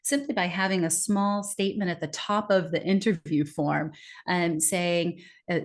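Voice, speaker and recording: An American woman, a guest expert, answering interview questions conversationally and acting out quoted reactions with lively bursts. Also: on the low side, normal speed. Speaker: guest expert on accents and communication.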